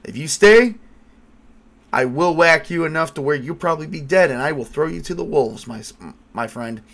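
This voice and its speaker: A man voicing a calm, stern old male tavern keeper who speaks low and firm. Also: moderate pace. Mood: threatening calm.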